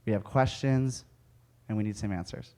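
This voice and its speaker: A man's voice: fairly low pitch, normal speed, mellow. A young man giving a speech to an audience, telling a candid personal story and laughing often as he goes. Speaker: speaker at an event. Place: auditorium with audience.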